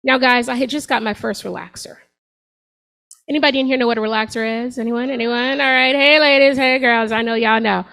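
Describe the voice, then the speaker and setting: A woman's voice: fairly high pitch, fairly even intonation, a little fast, gravelly, a bit bright, clear, resonant tone, low-quality recording. A woman in her forties doing a stand-up set on a comedy club stage, talking to the crowd in a sassy, conversational way. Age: 40s.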